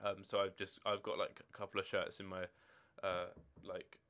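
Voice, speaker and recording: Smooth-voiced young man chatting on stream. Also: low voice, level tone, moderate pace, a bit bright. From Scotland. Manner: rambling, chatty, answering chat questions as they come. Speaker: game streamer. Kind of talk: casual live-stream chat. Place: home room with football shirts and drawers.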